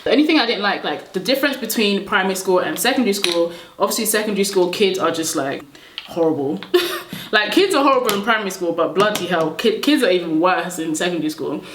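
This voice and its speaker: A woman's voice: medium pitch, lively intonation, quick pace, roomy sound, a little hiss or hum. A young woman born in Nigeria, telling rambling stories while she does her makeup, with lots of "like" fillers and laughing asides. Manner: chatty, rambling, laughs often, many "like" fillers. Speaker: beauty vlogger. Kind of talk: casual storytelling while doing makeup.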